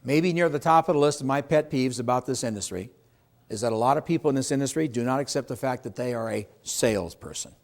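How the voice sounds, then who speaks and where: A man's voice: medium pitch, fast talker, creaky. A middle-aged man teaching real estate agents at a seminar, speaking emphatically, asking the room questions and acting out what clients say. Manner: emphatic, asks the audience questions, acts out client quotes. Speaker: real estate sales trainer. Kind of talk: seminar talk to a live audience.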